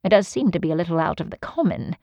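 A cool, aloof Victorian detective voiced by a woman who lectures in an offhand, brusque manner at a middling pitch. The sound is dry and close, with no room around it. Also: animated, moderate pace, a little mellow, no echo, muffled recording, close to an everyday voice. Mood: cool, lecturing.

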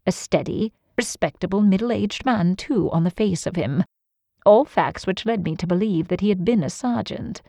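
A cool, aloof Victorian detective voiced by a woman who lectures in an offhand, brusque manner at a middling pitch. The sound is dry and close, with no room around it. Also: moderate pace, gravelly, dark tone, no room sound. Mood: cool, lecturing.

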